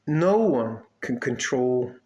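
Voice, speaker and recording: A man's voice: medium pitch, expressive, slow, a little mellow. A man from Detroit telling a story in a casual vlog rant, swearing often and rambling with many fillers and restarts. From Highland Park, Detroit. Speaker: vlogger.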